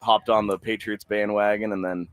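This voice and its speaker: A man's voice: fairly low pitch, little pitch movement, normal speed, fairly bright tone, no echo. A man in his twenties from the Boston area with a mild New England accent, a guest chatting easily on a radio show. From Boston area, USA. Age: 20s. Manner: easygoing, rambling with likes and you-knows. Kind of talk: casual radio chat.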